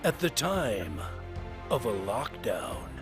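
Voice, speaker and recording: A man voicing a dramatic male movie-trailer announcer in a slow, weighty delivery. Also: medium pitch, sing-song. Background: music.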